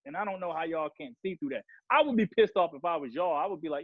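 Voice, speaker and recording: A man's voice: fairly high pitch, animated, fast talker, few pauses, no room sound. A man ranting heatedly and profanely on a podcast, rambling from one grievance to the next. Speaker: podcast guest rapper. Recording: dull lo-fi sound.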